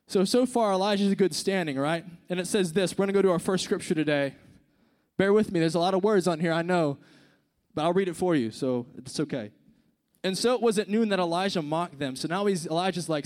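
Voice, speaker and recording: A man preaching a casual, conversational sermon, dropping to hushed tones and rising to emphatic points. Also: high voice, fairly quick.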